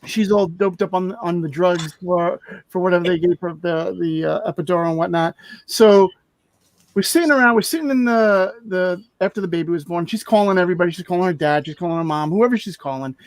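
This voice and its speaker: A man co-hosting a podcast, telling a long personal story in a casual, animated way and acting out the people he quotes. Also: brisk, dry recording, low-quality recording. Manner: animated, acts out quotes with raised pitch. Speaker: podcast co-host.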